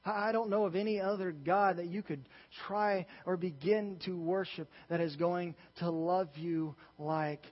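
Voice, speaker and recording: High-voiced passionate young preacher in a hall. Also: male voice, fairly even intonation, measured pace, few pauses. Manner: passionate, emphatic preaching with many restarts. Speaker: youth pastor. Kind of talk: sermon. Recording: dull sound with long reverb in a large hall.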